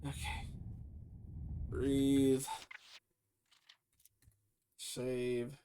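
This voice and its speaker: A man streaming a video game, talking to himself in quiet, casual asides as he plays. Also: mid-range voice, completely flat delivery, very slow, slight background noise. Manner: mutters to himself while playing, quiet asides. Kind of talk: casual let's-play commentary.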